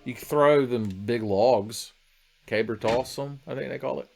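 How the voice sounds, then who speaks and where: A man's voice: medium pitch, a little slow, gravelly, over music. A man from the United States, casually chatting and joking crudely with his chat while streaming a game. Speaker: livestreamer. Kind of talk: casual gaming livestream chat.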